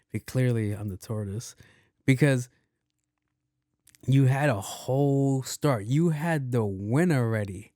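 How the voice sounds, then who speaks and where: Male podcast host, casual storyteller, slangy and profane, mid-pitched voice, dry close sound. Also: takes it slowly, long pauses, warm tone, no echo.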